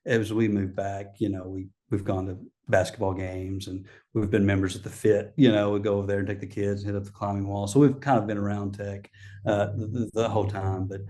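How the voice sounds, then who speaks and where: A man's voice: on the low side, little pitch movement, fairly quick, mellow. A middle-aged man, a guest chatting casually in an interview, rambling with many fillers and restarts. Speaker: guest, coffee shop owner.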